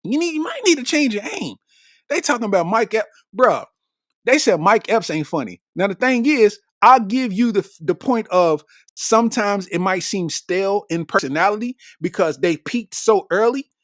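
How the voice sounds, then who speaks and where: High, lively-voiced male comedian. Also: moderate pace, no room sound, studio quality. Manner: animated, slangy, laughs at his own jokes. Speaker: comedian podcast host. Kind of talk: comedic monologue.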